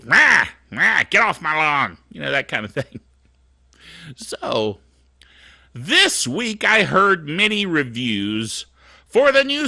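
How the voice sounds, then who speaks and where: A middle-aged man hosts his tech show in a loose, digressive monologue that mocks itself. His voice is bright and gravelly, and it swings widely in pitch. He is recorded in a dry room. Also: no room sound. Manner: animated, digressive, self-mocking. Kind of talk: casual rambling monologue.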